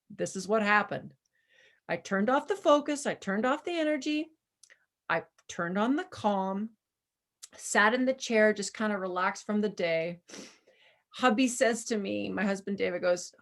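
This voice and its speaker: A woman's voice: mid-range voice, lively intonation, measured pace, long pauses. A woman chatting casually on a video call, telling stories and coaching people through steps, laughing often. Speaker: presenter guiding users. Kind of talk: casual chat.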